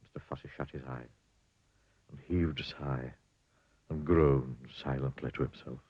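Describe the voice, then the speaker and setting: A man's voice: rumbling low, fairly even intonation, a little slow, slightly rough, no room sound. A man reading a children's story in a dry, wry storybook manner. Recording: dull lo-fi dry recording.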